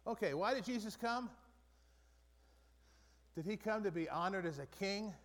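A man leading a Bible study group in a relaxed, conversational way, often restarting and repeating phrases. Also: sits high, moderate pace. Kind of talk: casual Bible study teaching. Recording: long reverb from a large room.

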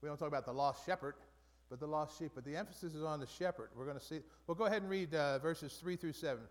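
Man, Bible study leader, slightly high voice, casual teaching, repeats himself, long hall reverb. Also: quick pace. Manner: conversational, with frequent restarts and repeated phrases. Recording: long reverb from a large room.

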